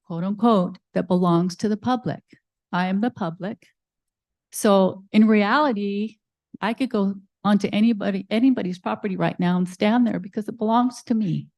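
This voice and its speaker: An older woman addresses a city board in public comment, forceful and pointed, pressing her case with earnest appeals. Her voice sits at a middle pitch, and the podium microphone catches it dry and close. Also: fairly even intonation, moderate pace, no room sound. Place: city meeting room.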